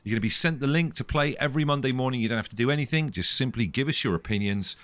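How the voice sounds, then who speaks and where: A man's voice: mid-range voice, very fast, fairly bright tone, no echo. A man hosting a podcast in rambling, jokey casual chat. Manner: rambling, jokey, self-deprecating. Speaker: podcast host.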